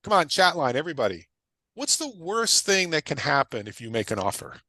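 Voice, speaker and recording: A middle-aged man, a guest real estate investor, teaches an energetic livestream class, emphatic and repetitive, driving points home with questions and quick casual tangents. His high voice is very animated, swinging widely in pitch with a bright, forceful edge. The recording is close and dry.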